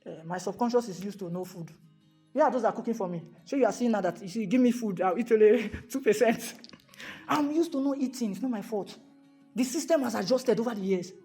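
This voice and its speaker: Nigerian man, motivational speaker, animated, repeats rhetorical questions, faint music behind. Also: high-pitched, brisk. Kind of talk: motivational talk to a live audience.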